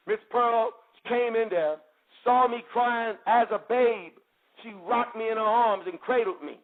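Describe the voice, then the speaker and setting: Animated man telling a story over a phone line. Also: sits high, moderate pace. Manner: animated storyteller, laughs often, repeats phrases. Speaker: spiritual group member giving testimony. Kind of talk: rambling spoken testimony. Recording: tinny phone-line audio.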